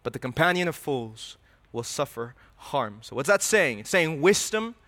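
Guy preaching, bright forceful voice, kinda high, dry close sound. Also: very animated, normal speed, dry recording. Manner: reads scripture aloud, then explains it animatedly. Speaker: pastor. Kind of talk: sermon.

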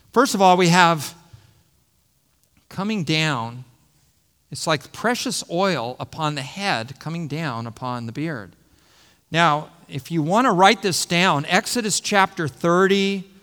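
A man's voice: a little high, a bit bright, big-room sound. A middle-aged man preaching an expository sermon, teaching and repeating phrases for emphasis. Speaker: pastor.

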